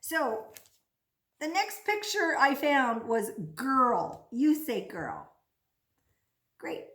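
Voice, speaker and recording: A woman giving a playful children's speech lesson, talking slowly and with exaggerated, sing-song delivery. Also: high-pitched, very animated, fairly bright tone, roomy sound.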